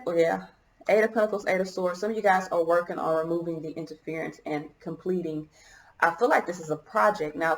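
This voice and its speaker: A woman talks through a tarot spread for her viewers in a low, gravelly voice that catches now and then as she feels choked up. She muses out loud, trailing off and starting her sentences over. The room is echoey, with a faint hiss underneath. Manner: musing, hesitant, thinks aloud with many restarts. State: choked up, coughing. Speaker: tarot reader. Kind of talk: casual tarot reading to viewers.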